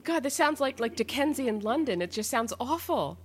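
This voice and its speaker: A woman's voice: a little high, lively intonation, moderate pace, slight background noise. A woman interviewer asking playful, teasing questions in a casual chat.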